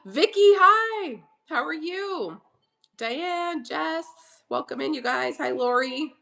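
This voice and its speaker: A woman's voice: high voice, expressive, slow, gravelly, a bit bright. A woman hosting a live online auction from her home kitchen, chatting casually and greeting viewers by name while getting over a cough. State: recovering from a cough. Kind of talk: casual live-selling chat.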